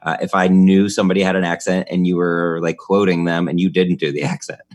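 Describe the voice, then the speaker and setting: A man hosting a podcast in relaxed casual chat, asking easygoing questions with hedging fillers. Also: low voice, brisk. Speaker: podcast host.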